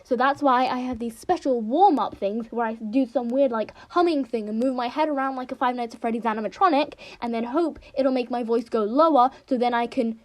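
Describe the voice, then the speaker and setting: Rambling high-voiced young woman, self-mocking. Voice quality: high-pitched. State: sore throat. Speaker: fan reader, vlogger. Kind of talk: casual rambling commentary.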